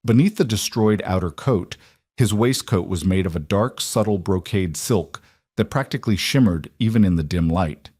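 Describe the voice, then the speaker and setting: A man reading a historical romance audiobook with measured, dramatic storytelling. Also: sits low, darkish tone, husky, no echo, studio quality. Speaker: narrator. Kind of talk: audiobook narration.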